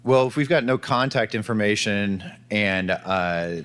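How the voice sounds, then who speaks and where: A man with a very deep voice answers a case question on a conference panel. He reasons aloud, pausing on ums between points. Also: a bit bright, clean tone. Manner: thinks aloud, with fillers and restarts. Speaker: panelist physician.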